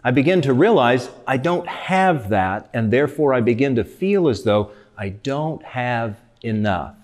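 A man's voice: medium pitch, lively intonation, a little slow, a little mellow. A man giving a reflective motivational talk in a conversational way, often putting rhetorical questions to his listeners. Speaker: speaker.

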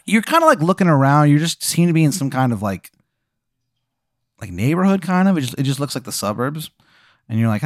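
A man's voice: mid-range voice, big pitch swings, a little fast, pauses often, no echo, clean studio sound. A man improvising a story as game master, rambling with many fillers.

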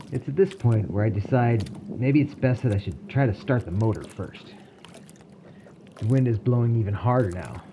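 A man narrating a personal story in a calm, wry way. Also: lowish voice, slight background noise.

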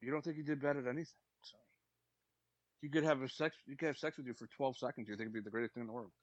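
Male co-host, mid-pitched voice, crude teasing, blunt. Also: fairly even intonation, racing, lo-fi sound. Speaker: podcast co-host. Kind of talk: casual banter.

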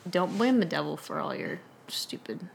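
A woman's voice: fairly low pitch, sing-song, moderate pace, vocal fry, a little hiss or hum. A woman chatting casually on a podcast, frank and reflective, with lots of "like" and "you know.". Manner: reflective, frank, frequent fillers. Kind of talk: casual chat.

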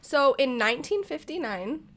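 An enthusiastic woman hosting a chatty podcast. She has a slightly high voice and tells a story with easy laughs. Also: very animated, moderate pace, a bit bright, slight background noise. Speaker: podcast host.

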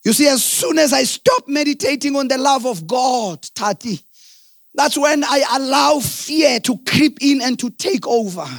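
A middle-aged man preaching a sermon, swinging from shouted, sing-song peaks to low, quiet asides. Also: measured pace, no room sound, studio quality, faint music behind. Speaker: pastor.

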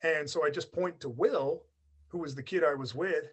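Raised by an American family in Australia, this man in his forties speaks with a blend of both accents as an interview guest, recounting his story chattily with many fillers. His voice is a little high, fairly bright and slightly rough, at normal speed.

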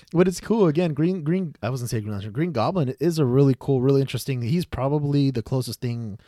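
Excitable, swearing podcast host. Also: male voice, medium pitch, fairly quick, no echo. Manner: excitable, rambling, swears freely. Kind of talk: casual chat.

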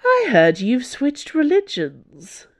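Woman doing a high, mocking female jailer. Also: big pitch swings, a little slow. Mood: taunting. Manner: bright, taunting.

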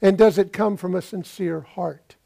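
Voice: medium pitch, fairly even intonation, moderate pace, vocal fry, warm tone. A pastor preaching a sermon, retelling a scripture story and asking the listeners rhetorical questions.

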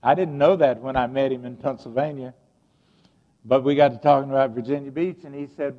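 A man's voice: medium pitch, fairly even intonation, brisk. An older man, a pastor, preaching an earnest, personal sermon to his congregation in a church sanctuary. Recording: dull, long-reverb church recording.

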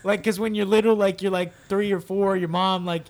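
A young man on a casual podcast with a slightly high voice. He rambles through a story in loose, restarting sentences and breaks into wailing childlike cries. It is loose, unscripted chat. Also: level tone, a little fast. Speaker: podcast co-host.

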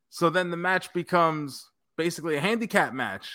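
A man's voice: on the high side, expressive, moderate pace, few pauses, bright, forceful tone, no echo, clean studio sound. A man co-hosting a podcast, telling a story in a casual chat, acting out quoted lines and laughing often. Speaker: podcast co-host.

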